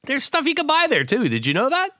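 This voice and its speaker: Brief: male co-host, hoarse from bronchitis, bright lively voice rising and falling a lot, dry sound. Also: very high voice, fast talker, dry recording. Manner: playful, reads a long list of names. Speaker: podcast co-host. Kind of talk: casual chat.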